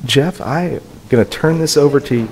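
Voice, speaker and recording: A man leading a prayer and announcements as pastor, halting and stumbling over words. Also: a little high, darkish tone, a little hiss or hum.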